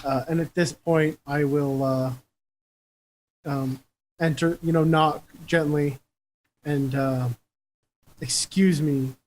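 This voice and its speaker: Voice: mid-range voice, fairly even intonation, slow, pauses often, a little mellow, rough recording. A player in a tabletop game, talking eagerly and chattily about what the character does.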